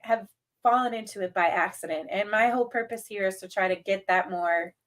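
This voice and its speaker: A woman's voice: mid-range voice, a little fast. A woman with a Midwestern accent hosting a podcast, nasal from a cold, upbeat and chatty. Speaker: podcast host. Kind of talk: casual interview chat.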